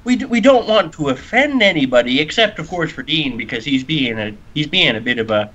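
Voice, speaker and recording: A man's voice: on the high side, expressive, a little fast, bright, forceful tone, a little hiss or hum. A man from Canada in casual group call banter, dry and mock-diplomatic. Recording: dull lo-fi online call audio.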